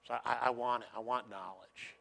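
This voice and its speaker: A man in a sermon voicing a young male disciple who quietly and earnestly repeats what he wants, stumbling on his words. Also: medium pitch, fairly even intonation, a little fast, creaky, voice pushed down.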